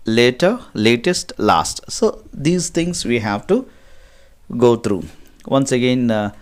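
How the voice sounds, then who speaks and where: A man with an Indian English accent teaching an English grammar lesson. He reads word lists slowly and repeats words with rising and falling pitch. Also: a little mellow, clean tone.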